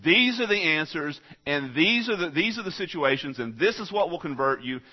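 A man preaching a sermon, swinging from quiet, conversational asides to loud, emphatic exhortation in a folksy manner. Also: on the high side, lively intonation, moderate pace, breathy edge, lo-fi sound. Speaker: pastor.

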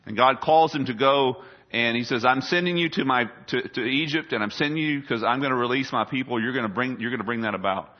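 A pastor delivers a sermon. His voice swells loud and high on scripture, then drops low and quiet for asides. The recording sounds dull and lo-fi. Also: brisk.

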